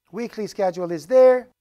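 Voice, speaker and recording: A man lecturing a college programming class, talking straight to his students and joking with them as he goes. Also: high voice. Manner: joking, animated lecturer addressing students directly.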